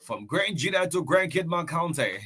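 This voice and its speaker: Liberian English male radio host, slightly high, bright, chatty with lots of fillers. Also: expressive, normal speed. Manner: chatty, storytelling, loose with fillers and laughs. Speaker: radio breakfast show host. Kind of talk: casual radio talk, reading listener shout-outs.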